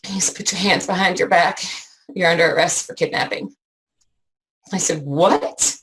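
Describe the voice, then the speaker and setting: A woman giving an emotional personal account as an interview guest, halting with many fillers and restarts. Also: lowish voice, fairly bright tone, slight background noise, poor audio.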